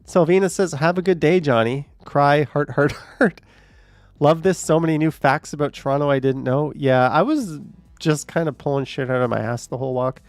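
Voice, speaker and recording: Gravelly-voiced man chatting on a livestream. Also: a little high, a little fast, no room sound, soft background music. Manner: joking, sarcastic asides with frequent laughs. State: short of breath, voice fading. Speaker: livestream host reading chat comments. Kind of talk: casual live chat.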